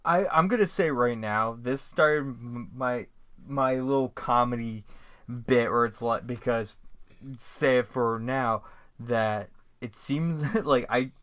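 A podcast co-host chiming in during a casual chat, talking quickly and excitably between laughs. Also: mid-range voice.

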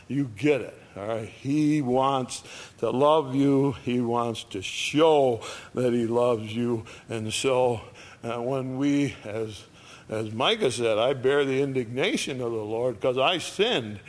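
A man preaching a sermon in a slow, folksy way, repeating phrases and lifting his voice at high points. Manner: slow, folksy, repetitive preaching with sudden lifts in voice. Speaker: pastor.

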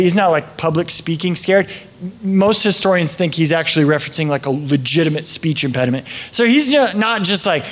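A man preaching a sermon in a conversational, joking way with lively asides. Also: fairly high pitch, brisk. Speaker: pastor.

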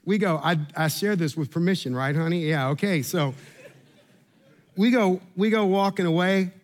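Man, middle-aged pastor, sermon, earnest, repeats words, storytelling, higher voice. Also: moderate pace. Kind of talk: sermon with humorous personal story.

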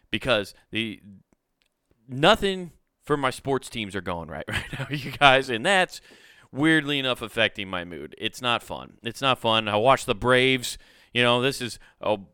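Bright, crisp-voiced man ranting casually. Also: medium pitch, dry recording, studio quality. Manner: rambling, profane, self-mocking, laughs often. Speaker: podcast host. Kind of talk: casual solo podcast rant.

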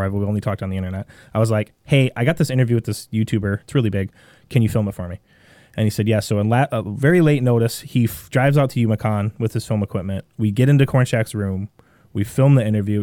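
A man with a Midwestern American accent tells a long story as a podcast guest, rambling and animated, often restarting his sentences. His voice sits low, dark and mellow. It is recorded dry, with little room sound. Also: fast talker, no room sound. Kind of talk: casual storytelling.

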